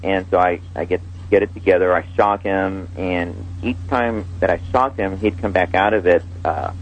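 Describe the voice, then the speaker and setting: A man, an emergency room doctor, telling a story in an interview, halting with many fillers and restarts. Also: deep voice, fairly even intonation, lo-fi sound, slight background noise.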